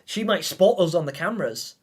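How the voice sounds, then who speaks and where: Male streamer, slightly high voice, heartfelt, stammering, emotional, chatting live to viewers. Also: expressive, a little fast, husky. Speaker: gaming livestreamer.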